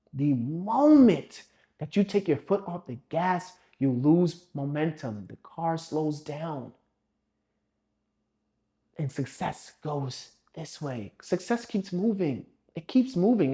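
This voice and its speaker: A young fitness vlogger launches into a blunt motivational rant full of swearing, scolding the viewer. His delivery swings between low muttering and loud pushing.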